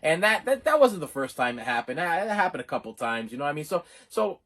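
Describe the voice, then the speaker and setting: A man's voice: a little high, fast, heavy background noise. A middle-aged man telling a rambling personal story to camera, full of restarts. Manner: rambling, animated, lots of restarts. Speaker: channel host. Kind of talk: casual storytelling.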